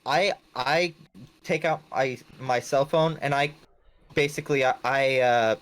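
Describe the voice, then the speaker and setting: A man's voice: mid-range voice, unhurried, fairly bright tone. A man playing a tabletop game who stammers and restarts often. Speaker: player. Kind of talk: casual tabletop play.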